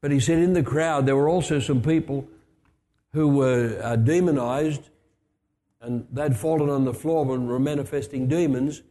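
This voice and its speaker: An older man preaches a storytelling sermon in a warm, mellow voice, with chatty asides and restarts. His words ring out with a long hall reverb. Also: medium pitch, steady tone, moderate pace.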